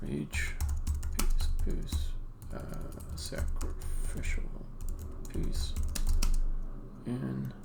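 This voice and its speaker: Slow gravelly man muttering while coding. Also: mid-range voice, sing-song, very noisy. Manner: muttering to himself, trailing off mid-thought. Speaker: game developer streaming live coding. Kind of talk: thinking aloud while coding.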